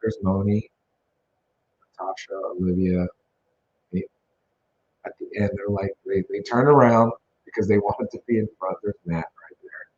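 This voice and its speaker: A man's voice: on the low side, fairly even intonation, normal speed, pauses often, darkish tone, husky. A man casually narrating photos from an event he organized, enthusiastic and rambling, with many fillers. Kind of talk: casual photo slideshow commentary. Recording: dull lo-fi sound with faint noise.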